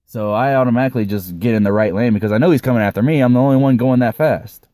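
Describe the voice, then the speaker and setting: A young man rambles through a personal story in a relaxed, offhand way, swearing now and then. His voice sits low and sounds mellow and warm. The recording is dry and close. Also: no echo. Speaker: vlogger. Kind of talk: casual storytime.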